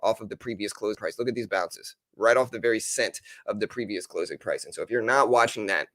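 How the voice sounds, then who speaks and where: A man's voice: on the low side, quick pace, fairly bright tone, no room sound, clean studio sound. A man hosting a live trading stream, talking through stock moves and chatting casually with viewers. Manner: casual, talks straight to chat viewers. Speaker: livestream trading host. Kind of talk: live stock market commentary.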